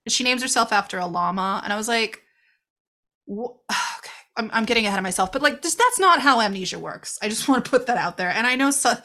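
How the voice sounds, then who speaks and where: A woman co-hosting a podcast, chatting casually about a movie in an animated way, swearing freely and slipping into quoted voices. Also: a little high, fast, few pauses. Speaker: podcast co-host. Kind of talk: casual chat reviewing a movie.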